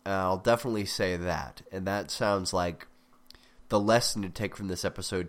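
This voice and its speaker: Rambling, slightly low-voiced man with a sick voice. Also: steady tone, moderate pace. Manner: rambling, self-interrupting, wry asides. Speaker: podcast host critiquing fiction. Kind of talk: casual spoken critique.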